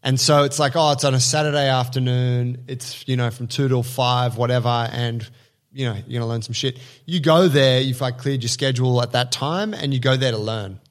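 Animated man hosting a podcast. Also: medium pitch, fairly quick. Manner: animated, acts out quotes, swears. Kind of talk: casual chat.

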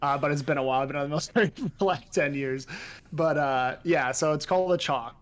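A man's voice: on the high side, fast. A man in his thirties chatting as a podcast guest, rambling with many fillers and restarts. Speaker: guest pixel artist. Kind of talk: casual podcast chat.

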